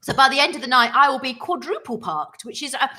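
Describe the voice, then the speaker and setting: A woman's voice: high voice, quick pace, pushed and bright. A woman co-hosting a cocktail livestream, chatting in a bubbly, rambling, self-mocking way as she mixes drinks. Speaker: co-host of a gin cocktail livestream. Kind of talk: casual chat while mixing cocktails.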